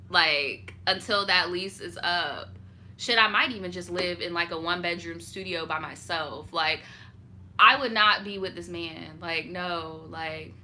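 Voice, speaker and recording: A young woman hosting a storytime show, chatting casually and reading viewer stories with animated, profane asides. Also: medium pitch.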